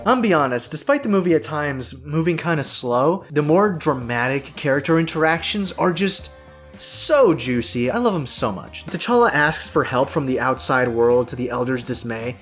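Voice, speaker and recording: A man's voice: on the high side, expressive, normal speed, hardly any pauses, a bit bright, faint music behind. A man hosting a casual film recap, sarcastic and joking, with frequent swearing. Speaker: video essay host.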